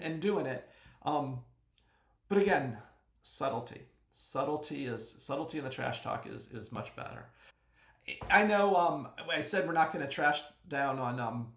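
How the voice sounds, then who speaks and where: Joking podcast host, bright and a touch high, echoey room. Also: male voice. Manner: chatty and joking, with sudden yells. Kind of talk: casual fantasy sports recap.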